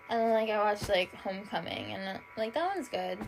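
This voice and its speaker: A woman's voice: mid-range voice, lively intonation, fairly quick, low-quality recording. Young woman podcaster, kinda tired, rambly and dramatic, says like a ton, swears a lot, faint noise in the back. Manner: rambling, fills nearly every phrase with "like", swears freely; self-admitted dramatic, gushing. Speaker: podcast host. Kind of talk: casual solo podcast chat.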